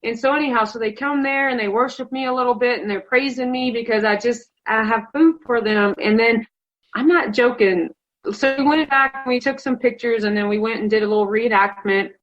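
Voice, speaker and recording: A brisk, fairly high-pitched woman, a Colorado hunting contest finalist, tells her story in a casual interview. Her delivery is chatty and emotional, with "like" all over it. The audio is dull and lo-fi.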